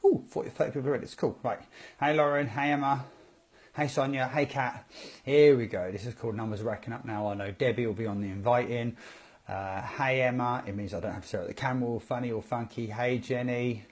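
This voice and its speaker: An upbeat man hosting a casual live stream, talking straight into his phone or webcam. His pitch sits in an ordinary middle range, and his chatter is loose and rambling, with quick friendly hellos scattered through it. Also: fairly even intonation. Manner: upbeat, greets viewers by name, rambling. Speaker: network marketing presenter. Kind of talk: casual Facebook Live talk.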